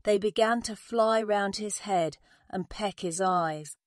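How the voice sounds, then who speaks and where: A woman's voice: mid-range voice, no room sound, studio quality. A woman narrating a simple graded reader story in a careful, plain way. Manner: slow, careful, simple wording.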